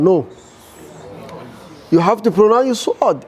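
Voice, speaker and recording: High-voiced, slow-paced reading teacher. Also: male voice, expressive, a little mellow. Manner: drills sounds by repeating them, asks the class questions. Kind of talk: live Quran reading class.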